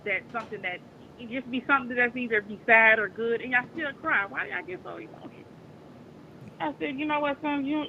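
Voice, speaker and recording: A woman tells a story about her son in an animated, stop-start way, acting out both sides of the conversation. She trips over her words and restarts often. The audio is dull and lo-fi, with a faint rumble. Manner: animated, stumbling restarts, acts out dialogue. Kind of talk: casual storytelling chat.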